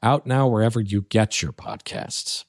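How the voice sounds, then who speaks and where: A man's voice: lowish voice, very animated, normal speed, vocal fry, no echo, studio quality. A middle-aged man co-hosting a podcast in casual chat, playful and jokey with theatrical asides. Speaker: podcast co-host.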